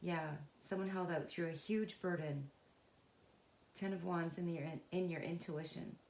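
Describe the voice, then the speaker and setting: A woman giving an unscripted, intuitive tarot reading, earnest and emotionally involved, talking in a halting, searching way with pauses and restarts. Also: lowish voice, fairly even intonation, a little mellow, reverberant, a little hiss or hum. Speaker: tarot reader.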